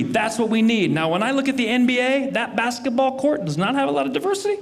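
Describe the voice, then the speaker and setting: A man's voice: very high-pitched, big pitch swings, fast, creaky, few pauses. A man performing stand-up comedy on a club stage, telling stories with energy and acting out dialogue. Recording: loud crowd and noise on stage.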